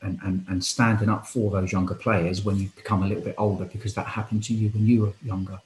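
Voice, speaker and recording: A rather low-voiced man speaks as a guest on a casual podcast. He talks earnestly and with feeling, thinking aloud. The recording has a roomy echo with faint background noise. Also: little pitch movement, quick pace, a little mellow. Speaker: football and futsal coach.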